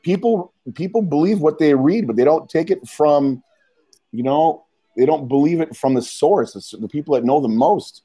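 A man's voice: a little high, animated, normal speed, mellow, breathy edge. A man co-hosting a casual podcast chat, easygoing and agreeable, laughing often. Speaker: podcast co-host.

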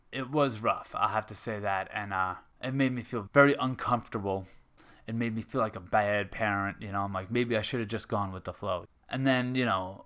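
A man's voice: medium pitch, fairly bright tone. A man in his thirties hosting his own show, talking frankly and casually, swearing often and questioning himself. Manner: frank, profane, self-questioning. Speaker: podcast host. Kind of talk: casual personal monologue.

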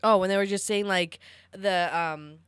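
A woman's voice: mid-range voice, fairly even intonation, unhurried, clean tone, dry recording, studio quality. A young woman from Idaho chatting casually on a podcast, laid-back and joking with some swearing. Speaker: podcast co-host. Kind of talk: casual chat.

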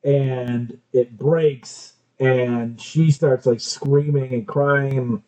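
A man's voice: mid-range voice, fairly even intonation, very slow, mellow, low-quality recording. A man casually recapping a film in loose, profane chat.

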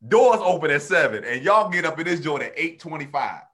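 A man's voice: on the high side, brisk. A male comedian telling stories in casual chat, laughing often and acting out the people he quotes. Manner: animated storytelling, acts out quotes, laughs often. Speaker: comedian, podcast co-host.

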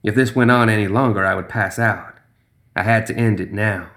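A man's voice: fairly low pitch, fairly even intonation, moderate pace, fairly bright tone. Man narrating a tense horror story.

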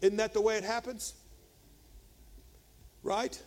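A man preaching a sermon as pastor, retelling a scripture story, swinging from loud shouted passages to quiet, low storytelling. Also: steady tone, slow pace.

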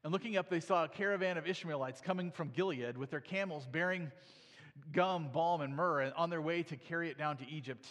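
Male preacher, fairly high voice, reads scripture then explains it in a loose, talky way; long reverb of a hall. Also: brisk, a bit bright. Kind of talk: sermon with scripture reading.

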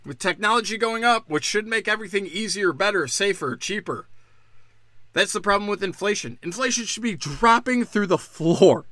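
A podcast host rants alone, angry and sarcastic, swearing heavily throughout this profane solo show. His high, animated voice is bright and forceful at a moderate pace, in a dry recording.

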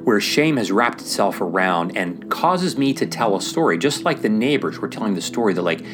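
Guy preaching casually, lively and chatty, music playing clearly behind him. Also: on the low side, normal speed. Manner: animated, acts out quoted voices, many fillers like "like". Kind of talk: casual sermon-style chat.

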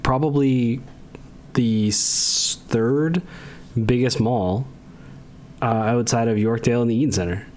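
A man's voice: medium pitch, unhurried, long pauses, darkish tone, slight background noise. A man co-hosting a podcast, chatting casually, laughing as he talks and restarting his words. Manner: laid-back, laughs while talking, restarts words. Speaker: podcast co-host. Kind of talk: casual chat.

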